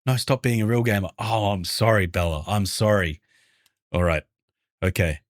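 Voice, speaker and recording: An Australian man from Brisbane, a variety streamer and game developer, chatting casually with his viewers and greeting them by name. He often keeps his voice hushed so the game won't hear him. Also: lowish voice, normal speed, dry recording, studio quality. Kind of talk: casual livestream chat with viewers.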